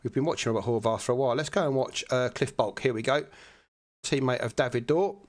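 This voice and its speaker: A man's voice: medium pitch, quick pace. Male sim racing commentator, conversational live play-by-play, mid-range voice. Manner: chatty, relaxed, many fillers.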